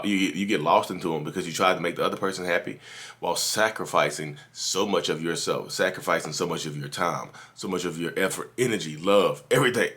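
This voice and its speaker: A man's voice: sits low, pushed and bright. A man hosting a podcast, giving casual advice straight to his listeners from his office, repeating his points and calling them "y'all". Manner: repetitive, calls listeners "y'all", preachy. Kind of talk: casual direct-to-camera advice talk.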